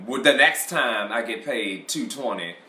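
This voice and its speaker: A man's voice: medium pitch, a little slow, reverberant. A man telling a funny shop story in casual chat, acting out both sides and swearing and laughing freely. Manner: animated, acts out both sides of a shop argument.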